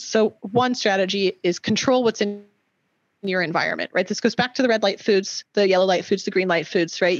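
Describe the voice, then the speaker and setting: A woman's voice: fairly low pitch, no echo, dull audio. Chatty coaching woman, dry close sound. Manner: explanatory, says "right?" often. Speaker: podcast co-host, nutrition coach. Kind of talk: casual podcast chat.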